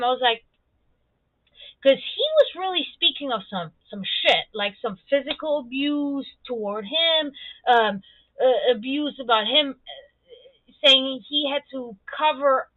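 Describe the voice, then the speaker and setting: A woman streamer talking bluntly and profanely in a casual, animated monologue. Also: high-pitched, no room sound. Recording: tinny phone-like audio.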